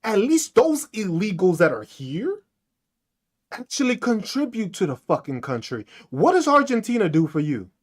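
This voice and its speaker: A man's voice: high-pitched, sing-song, moderate pace. A man hosting a podcast, ranting in a casual, profane, mocking way with lots of rhetorical questions. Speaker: podcast host.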